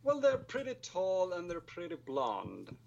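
A man's voice: sits high, wildly swooping pitch, measured pace, creaky, a little mellow, dull audio. A man in his twenties with a Swedish accent, a guest filmmaker chatting casually and self-deprecatingly, hesitant, with lots of fillers. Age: 20s. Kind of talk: casual chat.

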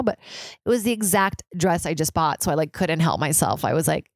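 A woman's voice: brisk, dry recording. A young woman hosting a casual solo podcast, chatty and swearing, peppered with "like". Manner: mimics others in high squealing voices. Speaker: podcast host.

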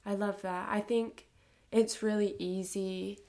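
A woman's voice: mid-range voice, steady tone, slow pace, mellow. A woman in her twenties hosting an interview, enthusiastic and gushing, peppered with "like" and "oh my gosh". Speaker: interviewer, host. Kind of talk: casual interview chat.

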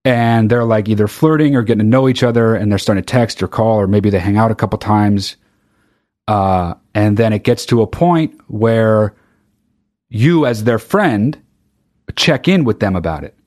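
The host of a solo podcast, a man with a low voice, a darkish tone, and a normal pace, goes on an angry, profane rant and keeps restarting sentences. The recording space is very hot.

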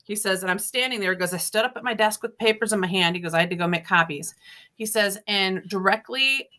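Bright-voiced woman telling ghost stories. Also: mid-range voice, fast talker. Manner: lively storyteller, acts out quoted dialogue, laughs often. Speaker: guest author. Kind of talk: casual ghost storytelling in an interview.

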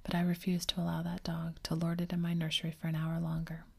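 Whispered role-play: woman doing a pompous huffy dad, low gravelly whisper, flat. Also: quick pace. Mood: blustering. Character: proud, blustering father, middle-aged man.

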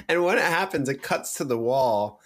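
Slow-talking man in a laid-back chat. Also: medium pitch, expressive, fairly bright tone. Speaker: podcast co-host. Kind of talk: casual movie chat.

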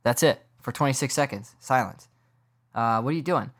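A man's voice: mid-range voice, moderate pace. A man hosting a casual sports podcast, ranting in a rambling, incredulous way. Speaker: podcast host.

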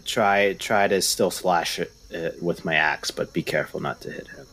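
A man's voice: sits low, moderate pace, a little hiss or hum. A man playing in a tabletop game, speaking hesitantly with many fillers. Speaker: player.

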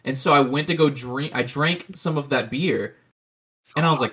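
A man guesting on a podcast, telling animated stories in a casual chat. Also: fairly high pitch, a little fast. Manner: animated storytelling, laughs at own stories.

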